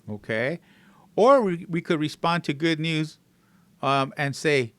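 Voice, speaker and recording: A male English teacher drills everyday phrases, saying them again and again, stretched word by word. His voice is smooth and clear, and the recording is dry and close to the mic, with no room sound. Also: on the high side, animated, no room sound. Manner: repeats phrases slowly, word by word, with rising emphasis; fillers and gentle asides to viewers.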